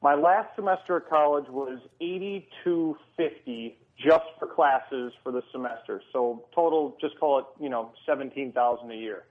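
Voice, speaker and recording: A man's voice: mid-range voice, moderate pace, few pauses. Male caller in his thirties on the phone. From Chicago. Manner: explains with figures. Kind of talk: casual call-in chat. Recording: phone-line sound.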